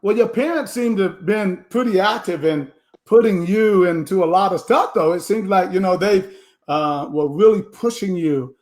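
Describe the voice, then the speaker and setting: A man hosting a talk show interview, inquisitive and halting, often restarting his sentences. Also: high voice, a little mellow. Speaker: host.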